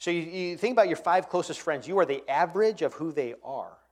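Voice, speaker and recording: A man preaching a sermon, swinging between quiet, earnest passages and loud, impassioned ones. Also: a little high, lively intonation, brisk. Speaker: pastor.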